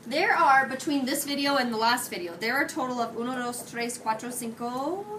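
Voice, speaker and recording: A woman teaching a high school Spanish class, questioning her students and mixing English with Spanish. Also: a little fast, pushed and bright. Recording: distant mic, noisy classroom.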